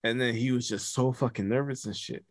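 A man telling a story in a casual, animated way, full of slang and profanity. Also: mid-range voice, brisk, a little hiss or hum.

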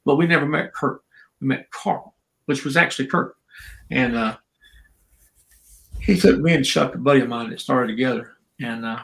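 Older guy guest on a podcast, gravelly voice, laughs a lot, does the voices in his stories. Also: medium pitch, normal speed, pauses often, fairly bright tone, rough recording. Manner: chatty, laughs often, acts out quotes. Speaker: guest, former wrestler and referee. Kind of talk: casual interview storytelling.

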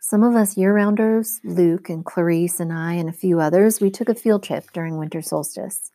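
A woman's voice: lowish voice, normal speed, dark tone, dry recording, natural voice. A woman reading as an earnest, frustrated teen girl. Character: determined teen girl, demigod camper.

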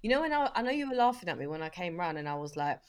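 A woman, co-hosting a podcast in casual, animated chat. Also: fairly low pitch, rapid-fire. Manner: animated, laughs easily. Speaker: podcast co-host. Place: remote call.

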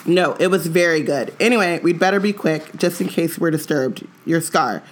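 A woman's voice: sits low, moderate pace, a little hiss or hum, natural voice. A woman reading as a wry, protective grown man.

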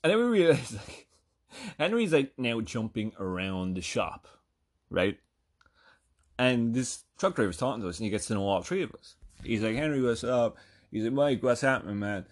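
A husky Irish man in his thirties telling a casual story with a lively, swinging delivery. He rambles, swears freely and keeps asking "right?" as he goes. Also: on the low side, moderate pace. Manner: rambling, profane, asks "right?" often. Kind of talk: casual anecdote.

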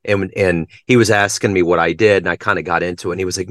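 A man hosting a podcast interview, telling stories with enthusiasm and lively quoting. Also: sits low, fast, no room sound, studio quality. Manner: enthusiastic storyteller, animated quoting. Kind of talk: casual interview chat.

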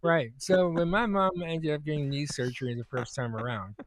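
A man with a notably high voice, co-hosting a comedy podcast. He tells stories in a loose, rambling way, restarting sentences and piling on fillers. The sound is dry and close, with almost no room in it. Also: expressive, moderate pace, no room sound. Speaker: podcast co-host. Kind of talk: casual comedy chat, storytelling.

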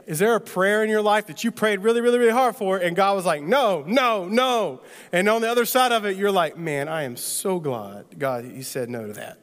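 A man preaching a sermon as pastor, in a conversational style full of rhetorical questions. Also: high-pitched. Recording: long hall reverb.

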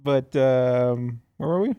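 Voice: mid-range voice, takes it slowly, clean tone, no room sound, dull audio. A podcast co-host in casual chat, teasing and laughing easily.

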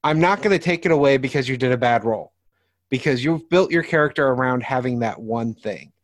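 A man's voice: medium pitch, a little fast, no room sound. Male game master, easygoing podcast talk, dry sound, explains through examples. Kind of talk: casual podcast discussion.

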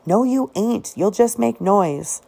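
A woman voicing a stubborn young boy who speaks in terse, determined lines, read slightly higher than her narration. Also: lively intonation, slow, gravelly, dark tone, breathy edge, exaggerated voice. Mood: firm. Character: earnest stubborn young boy, older brother.

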